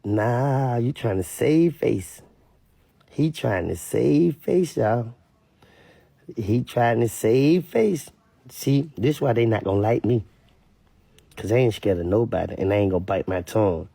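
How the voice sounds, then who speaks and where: A man rants in casual street commentary, his voice gravelly and husky and his pitch swinging widely as he talks. He repeats himself for emphasis. The recording sounds dry and close. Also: measured pace, dry recording. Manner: animated, repetitive, mimics others in high voices.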